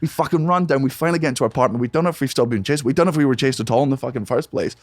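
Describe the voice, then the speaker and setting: A young male comedian rattles through a story at speed, swearing freely and getting excitable. His voice sits in an ordinary middle register. The sound is dry and close, with no room echo, as if on a podcast mic in a small home studio. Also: mid-range voice. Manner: rapid, profane, excitable storytelling with frequent swearing. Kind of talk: animated anecdote telling. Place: home studio man cave.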